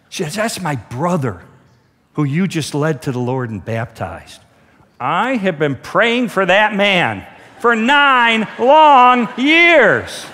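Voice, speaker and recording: Man, pastor, sermon, high voice, very animated, church hall reverb. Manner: animated storytelling preacher. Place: church auditorium.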